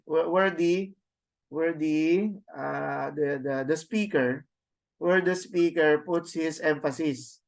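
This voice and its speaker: A man lectures a Greek class over a video call, speaking slowly and haltingly with frequent restarts. His voice sits a little high for a man. He walks students through the material step by step. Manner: halting, many restarts and fillers; slow, explains step by step. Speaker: Greek teacher.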